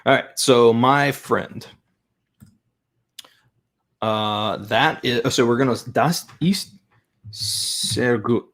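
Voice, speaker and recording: Creaky-voiced man thinking aloud. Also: mid-range voice, drawn-out words, long pauses, fairly bright tone. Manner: thinks aloud, chatty, repeats practice phrases. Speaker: language-learning channel host. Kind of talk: casual live stream, reviewing an app.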